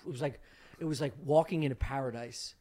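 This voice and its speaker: A man co-hosting a podcast, telling a story in casual chat, excitable and dropping low when quoting others. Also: fast talker. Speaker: podcast co-host.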